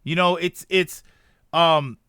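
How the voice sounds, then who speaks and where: A man in his thirties talking casually on a stream, rambling and animated, reacting to chat. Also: fairly high pitch, slow, clear, resonant tone, dry recording, studio quality.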